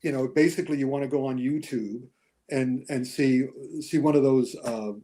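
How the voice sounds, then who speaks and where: An older man, a guest critic, explaining movies in a measured casual chat. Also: medium pitch, steady tone, dark tone.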